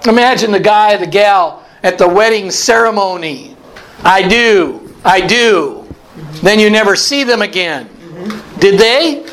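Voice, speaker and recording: Man, pastor, high voice, interactive sermon, repeats his points, calls on listeners. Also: normal speed, fairly bright tone, rough recording. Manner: asks the group questions and repeats key phrases. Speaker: pastor leading a Bible study.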